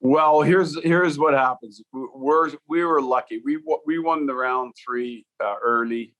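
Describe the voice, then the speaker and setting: A man in his fifties, a former hockey player and coach, telling stories in an interview with a relaxed, rambling delivery and many fillers. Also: mid-range voice, a little slow. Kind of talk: storytelling in a podcast interview.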